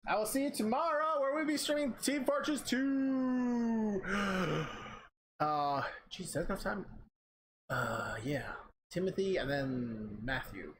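Young streamer at home on a desk mic, animated swings in pitch, keyboard clatter behind. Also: slow. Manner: chatty and excitable, thanks viewers by name. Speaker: game streamer. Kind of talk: casual live-stream chat. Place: home room. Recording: keyboard typing noise behind.

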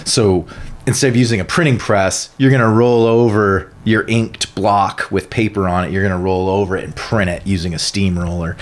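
A man who is an art professor, telling stories in a casual podcast interview with lively, animated delivery. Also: fairly low pitch. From northern United States. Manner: animated, lively storyteller who acts out quotes. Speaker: guest, art professor and printmaker.

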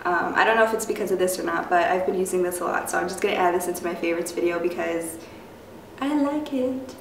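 A young woman chatting loosely through a beauty product review, her voice raspy because she has just woken up, full of fillers and rambling asides. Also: on the low side, little pitch movement, very fast, fairly bright tone. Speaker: beauty vlogger. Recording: echoey room, mic at a distance, faint noise.

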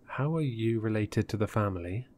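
A man voicing a young wife in a horror story reading, speaking softly and hesitantly. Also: on the low side, expressive, moderate pace, lightly acted. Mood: polite. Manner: soft-spoken, hesitant. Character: young wife and homeowner, polite, uneasy.

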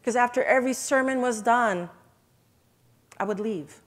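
A woman's voice: fairly high pitch, moderate pace. A woman giving an emotional, earnest church testimony in an event hall, addressing listeners as brothers and sisters.

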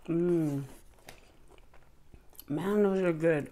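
Middle-aged lady doing a mukbang, low mellow voice, chatty, mm-hmms between bites. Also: a little slow, pauses often. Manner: chatty, eating between words, frequent mm-hmms. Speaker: mukbang vlogger. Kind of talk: casual chat while eating.

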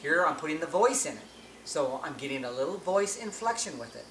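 The instructor in this elk-calling tutorial is a man with a slightly high, animated voice that is a bit bright and a little fast. He teaches plainly, often starting phrases over as he explains, and the audio is echoey with faint background noise.

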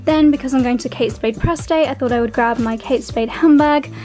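A woman's voice: sits high, fairly quick, mellow, faint music behind. A young woman, chatting casually as a fashion vlogger about her outfits and day. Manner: chatty, upbeat, rambling outfit descriptions. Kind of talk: casual vlog narration.

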